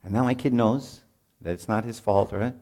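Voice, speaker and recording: In a lowish, mellow voice with a steady tone and normal pace, a middle-aged man gives parents a casual sermon at a marriage retreat. He often asks "right?" and acts out how parents and kids behave.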